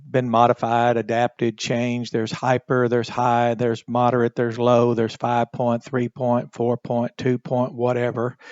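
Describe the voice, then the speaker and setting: A man walks through a Bible Greek lesson at a slow, deliberate pace, stopping often on fillers as he explains. The recording is dry and a little dull, with no room sound around the voice. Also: medium pitch, a little mellow, no echo.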